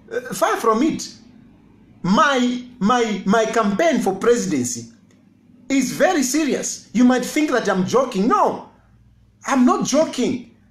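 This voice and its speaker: A man's voice: sits high, echoey room. A Zambian man, an opposition party leader giving a political address, emphatic and repeating his phrases with rhetorical questions.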